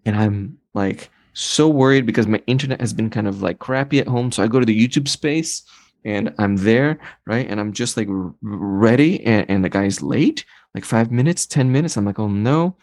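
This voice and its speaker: A man who is a film director, telling a story in conversation with lively delivery, often acting out the voices and sounds of the people he talks about. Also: fairly low pitch, moderate pace.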